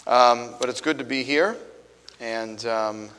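New york guy preaching, mid pitch, chatty with lots of ums, church echo. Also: slow pace, fairly bright tone, smooth. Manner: conversational, with frequent fillers and self-corrections. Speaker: guest preacher. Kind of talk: sermon. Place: church sanctuary.

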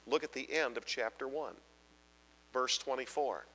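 A man preaches a Bible-teaching sermon with a bright, forceful edge to his voice. He pushes each point hard and keeps asking the congregation to answer him. His voice rings through a large hall with a long tail of reverb. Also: medium pitch, measured pace. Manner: emphatic, asks the audience repeated questions.

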